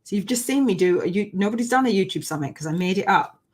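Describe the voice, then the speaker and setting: A woman hosting a live online coaching session in a gushing, animated way, sometimes near tears. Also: medium pitch, fast talker. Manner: gushing, animated, often laughing; emotional, near tears at times. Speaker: spiritual business coach hosting a live challenge. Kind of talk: live-streamed coaching chat.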